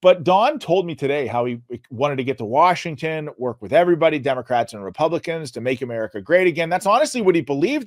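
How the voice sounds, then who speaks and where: A male show host giving an emphatic, earnest political commentary monologue, his voice going hoarse. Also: a little high, sing-song, fast talker, few pauses, no room sound, studio quality. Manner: emphatic, earnest, rising to loud peaks. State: losing his voice.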